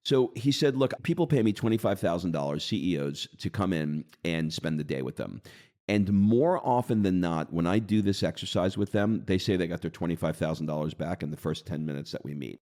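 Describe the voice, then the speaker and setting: A man co-hosting a podcast, explaining an exercise in a casual, coaching way and slowing down for deliberate readings. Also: sits low, lively intonation, a little mellow. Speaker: podcast co-host. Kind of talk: casual conversational teaching.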